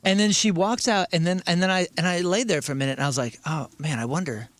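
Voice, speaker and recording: A man's voice: high-pitched, fast, dry recording. A man co-hosting a talk show, telling a long story in casual banter, stammering and acting out quotes. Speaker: radio show co-host.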